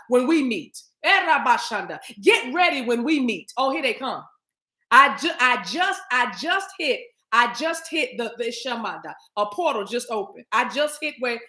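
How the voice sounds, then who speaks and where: Animated, high-voiced woman preaching to her chat. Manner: animated, emphatic, repeats phrases, talks to chat. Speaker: spiritual reader and livestream host. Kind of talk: casual livestream preaching. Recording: roomy echo.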